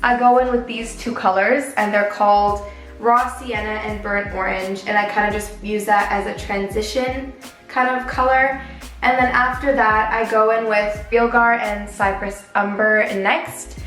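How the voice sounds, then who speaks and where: Young woman, twenties, casual storytime vlog, animated and filler-heavy, faint music under a roomy echo. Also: medium pitch, measured pace. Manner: animated, chatty, many "like" fillers. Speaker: beauty vlogger. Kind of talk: casual storytime vlog while doing makeup.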